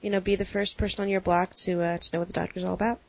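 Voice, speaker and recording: A woman's voice: mid-range voice, level tone, very fast, vocal fry, no room sound, muffled recording. A woman co-hosting a podcast in casual chat, teasing with dry asides. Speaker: podcast co-host.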